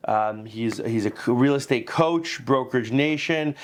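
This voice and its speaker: Guy hosting a podcast, mid-pitch, lots of "you know", hype sign-off. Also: moderate pace. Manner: upbeat, filler-heavy, laughs along. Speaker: podcast host. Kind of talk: casual interview.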